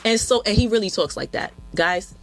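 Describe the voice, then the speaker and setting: A woman guest in a casual interview, telling stories in an animated way and acting out quotes. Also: mid-range voice, a little fast. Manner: animated, acts out quotes with lots of "yo". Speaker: interview guest, film director and photographer.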